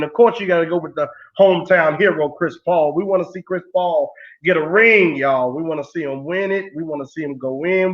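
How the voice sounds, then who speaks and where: A high-voiced man, playful and confident, makes emphatic predictions as a guest on a casual sports talk show. His voice comes over a dull, lo-fi call line.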